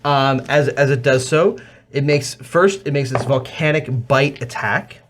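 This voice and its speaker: A man's voice: mid-range voice, a little slow, slight background noise. A man narrating as game master, methodically calling out rolls and damage.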